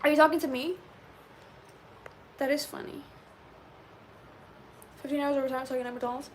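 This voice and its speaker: A woman in her twenties chatting casually with live viewers and answering them as she reads chat, animated and peppered with "like". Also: sits high, normal speed, noisy background. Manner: chatty and animated, says "like" often. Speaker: livestreamer reading chat.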